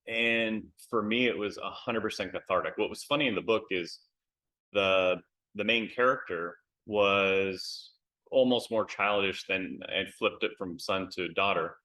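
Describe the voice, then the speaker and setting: American guy, lowish bright voice, chatty and candid, lots of ums, video call interview. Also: poor audio. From United States. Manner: candid, lots of fillers and repeated words. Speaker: author, interview guest. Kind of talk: casual interview chat.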